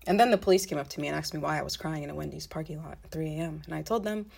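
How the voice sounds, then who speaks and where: Deep, creaky and husky, this young woman's voice races as she casually tells a personal story. She's a vlogger who curses freely and speaks bluntly, filling her animated retelling with frequent asides.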